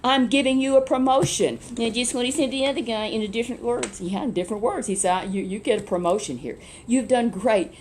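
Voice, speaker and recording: A woman telling a children's Bible story in a lively, chatty way, with asides to a puppet. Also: fairly high pitch, a little hiss or hum.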